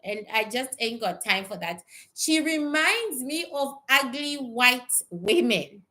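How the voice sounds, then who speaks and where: Woman psychic chatting to her livestream viewers, slow drawl, kinda high bright voice, blunt n swears a lot. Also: expressive. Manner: blunt and profane, drifting and repeating herself. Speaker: psychic reader. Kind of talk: casual livestream chat answering viewers.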